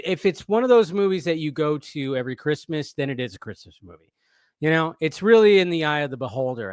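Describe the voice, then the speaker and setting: This fairly high-pitched man runs a casual live stream about movie news, rambling, frequently restarting his sentences, and reading the chat aloud. The audio is studio quality with no room sound.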